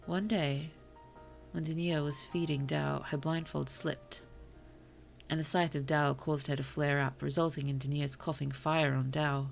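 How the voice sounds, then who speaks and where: A woman streamer reading short stories aloud to her chat, slow and careful, with apologetic asides between passages. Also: sits low, level tone, vocal fry, soft background music. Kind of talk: story reading on a livestream.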